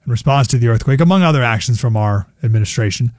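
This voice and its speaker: A man's voice: medium pitch, lively intonation, fast talker, darkish tone, no echo, clean studio sound. Punchy male radio news anchor. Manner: punchy, opinionated delivery. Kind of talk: news roundup reading.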